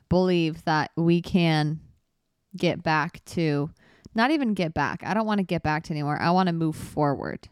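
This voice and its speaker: A woman's voice: on the low side, a little mellow, clean tone, no room sound, clean studio sound. A young woman hosting her own podcast, opening up about her life in an earnest, reflective way, with lots of fillers and restarts. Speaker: podcast host. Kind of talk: reflective solo podcast talk.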